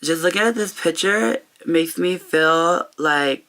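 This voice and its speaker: A young woman talking to camera in a personal vlog, heartfelt and open, halting often with pauses and restarts. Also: lowish voice, fairly bright tone. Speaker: vlogger. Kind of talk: reflective personal vlog talk.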